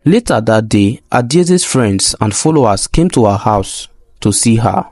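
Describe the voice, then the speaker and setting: A man narrating a folk tale in an expressive, plain storytelling manner. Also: fairly low pitch, measured pace, no room sound.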